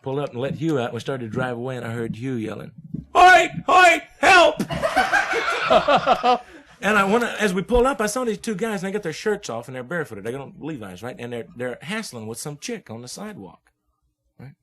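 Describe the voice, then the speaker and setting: A man's voice: medium pitch, expressive, fast talker. A young man from Oklahoma, a guest musician, telling stories in laid-back hip slang and laughing often as he acts out the people in them. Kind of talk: casual storytelling.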